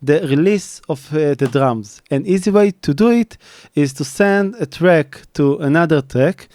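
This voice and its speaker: In a recording studio, a man who works as a mixing engineer explains a tutorial step by step, plainly, with many restarts and fillers while faint drums play back. His voice is on the high side, lively in intonation, unhurried and a little mellow, in a dry recording.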